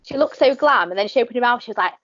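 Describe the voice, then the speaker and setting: A Northern English woman in a loose podcast chat, her pitch swinging widely as she goes. She talks animatedly, swears freely and keeps slipping into quick impressions. The sound is dry and a little dull. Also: animated, a bit bright, no echo. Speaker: podcast guest. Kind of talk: casual chat.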